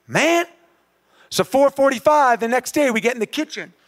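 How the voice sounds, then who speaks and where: A man telling a motivational story on stage in a lively, animated way that builds to shouting. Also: extremely high pitch, fairly quick. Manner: animated, rising to shouts at the climax. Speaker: motivational speaker. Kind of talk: live motivational storytelling talk.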